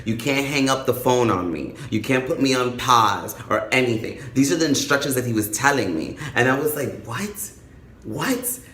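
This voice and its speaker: Man, casual storyteller, animated and profane, mid-pitched voice, roomy echo. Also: moderate pace, hardly any pauses. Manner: animated, swearing, acts out voices in his story. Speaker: vlogger.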